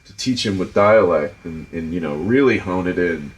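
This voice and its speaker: Deep-voiced and speaking at a normal speed, a middle-aged man with a Providence, Rhode Island accent hosts a casual podcast conversation. As a film director, he recounts directing stories in a lively, foul-mouthed way, with plenty of fillers.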